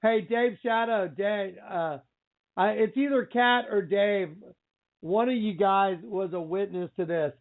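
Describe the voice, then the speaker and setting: Excitable guy hosting a preachy radio show, pretty high voice, tinny phone-line sound. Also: unhurried. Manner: excitable, exclaiming, storytelling with repeated phrases.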